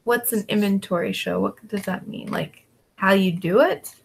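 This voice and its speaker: A woman who resells online talks with her viewers as she works, answering them in a relaxed, slow drawl thick with fillers. Her tone is gravelly and creaky, rising to a high, coaxing pitch when she calls her dogs. The recording carries a slight hiss or hum.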